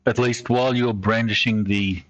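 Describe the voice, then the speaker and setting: A man acting as game master over voice chat, pausing often with ums and uhs as he calls for rolls. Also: lowish voice, steady tone. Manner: halting, with many ums and uhs. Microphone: online call mic. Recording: dull lo-fi mic with faint noise.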